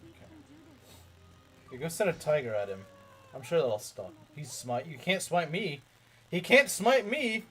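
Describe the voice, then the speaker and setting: A man's voice: mid-range voice, big pitch swings, normal speed, pauses often. A young man commenting casually on a strategy game as he plays, rambling, repeating himself and making jokey asides to his chat. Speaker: let's play streamer.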